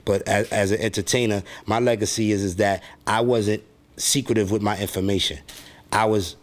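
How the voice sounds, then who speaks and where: A middle-aged man with a New York accent talks easily in a low voice. He sounds laid-back and loose, dropping casual fillers as he goes. He talks like an interview guest. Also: steady tone, normal speed. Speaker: music producer, guest.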